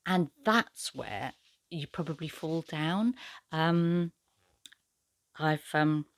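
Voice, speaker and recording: A woman's voice: sits low, lively intonation, very slow, no echo. A woman book vlogger talking casually about poetry in translation, chatty and hesitant with many fillers. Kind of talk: casual book review talk.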